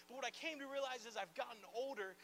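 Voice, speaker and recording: A man delivers a sermon in a strikingly high voice with a sharp, bright edge. He talks to the congregation in a loose, conversational way, full of playful asides and "like" fillers, and stays animated throughout. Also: quick pace, a little hiss or hum. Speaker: pastor. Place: church gathering in a large room.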